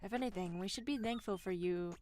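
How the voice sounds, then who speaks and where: A woman streamer and voice actor reading a visual novel aloud, with casual, deadpan asides between the lines. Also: mid-range voice, fairly quick, a little hiss or hum. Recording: game music behind.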